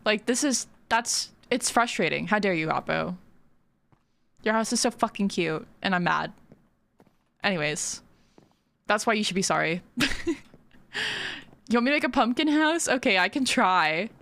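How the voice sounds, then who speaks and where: A woman's voice: medium pitch, expressive, moderate pace, pauses often, a bit bright. A woman streaming a video game, chatting casually with her viewers and often giggling. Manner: chatty, giggly, talks to chat. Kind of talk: casual livestream chat while playing.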